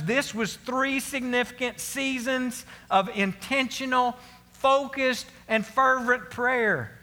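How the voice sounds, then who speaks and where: A man's voice: extremely high pitch, measured pace, bright, forceful tone, long reverb tail. A man preaching a sermon to his congregation, earnest and emphatic, repeating his key phrases. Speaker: pastor.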